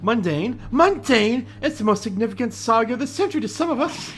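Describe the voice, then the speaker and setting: Player voicing a jittery dramatic young guy, voice jumping all over, lively. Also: mid-range voice, racing, pitched above the performer's own voice, lightly acted. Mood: indignant. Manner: theatrical wailing and exclaiming. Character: anxious melodramatic young male scholar defendant.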